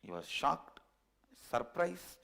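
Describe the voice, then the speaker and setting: A man, a spiritual teacher telling a parable in a discourse, animated and chuckling at his own jokes. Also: medium pitch, slow pace, vocal fry.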